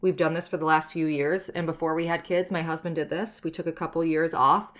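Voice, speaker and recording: Her voice is deep, a little fast, and fairly bright, with fairly even intonation. This thirty-something woman hosts a personal wellness podcast, musing candidly and reflectively while often saying "like" and "you know."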